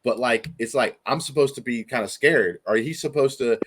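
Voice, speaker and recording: A man's voice: medium pitch, moderate pace, a little hiss or hum. A man hosting a casual TV review discussion, talking in a rambling way with lots of filler words. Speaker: podcast host.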